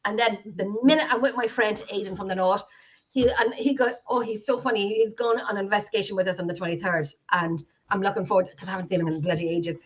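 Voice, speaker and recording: An Irish woman from Drogheda chatting excitably with lots of laughter. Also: medium pitch, fast talker. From Ireland. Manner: excitable, laughing, breaks into other accents. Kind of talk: casual chat. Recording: dull lo-fi sound.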